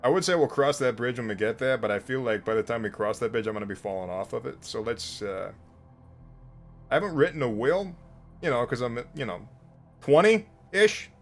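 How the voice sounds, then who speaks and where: A man playing a tabletop role-playing game, joking and quick to laugh with the others. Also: mid-range voice, faint music behind. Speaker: player. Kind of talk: tabletop role-play banter.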